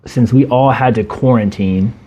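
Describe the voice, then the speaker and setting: A man's voice: mid-range voice, normal speed, dark tone, slightly rough. A man co-hosting a podcast, talking bluntly and with opinion, swearing for emphasis. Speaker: podcast co-host. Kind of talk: casual podcast conversation.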